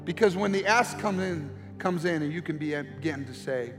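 A man's voice: a little high, normal speed, few pauses. A middle-aged man preaching a sermon, telling a personal story and building to impassioned pleading. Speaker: pastor. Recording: reverberant hall with faint music.

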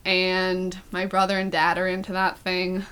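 A woman's voice: lowish voice, monotone, a little slow, fairly bright tone, smooth. A young woman hosting a podcast, chatting about celebrity gossip in an upbeat, giggly way. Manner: giggly, upbeat, many fillers. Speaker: podcast host. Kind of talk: casual celebrity gossip chat.

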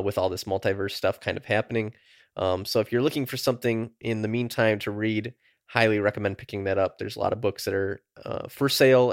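A man's voice: lowish voice, no echo, clean studio sound. A man co-hosting a nerdy podcast, chatting casually and swearing freely. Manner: laid-back, swears casually. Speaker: podcast co-host. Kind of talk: casual chat.

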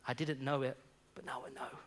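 A man quoting his emotional father in a hushed, near-whispered voice. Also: medium pitch, flat delivery, brisk, lightly acted. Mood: tender. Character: older emotional father, soft and moved.

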